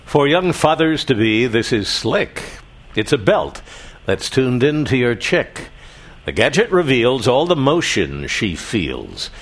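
Slow husky man reading limericks. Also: medium pitch, very animated. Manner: rhythmic verse reading. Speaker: limerick reader on quiz show.

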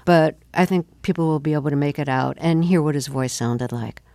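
An interview host asking calm, well-prepared questions on a radio interview. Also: medium pitch, fairly quick, no room sound, studio quality.

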